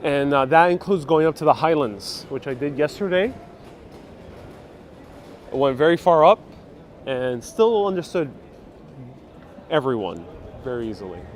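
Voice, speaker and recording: On a crowded old-town street, a travel vlogger films his live walking tour on a handheld phone, reading out viewer comments and responding informally. His somewhat high voice is expressive and measured, broken by long pauses, over a faint wash of traffic and street noise.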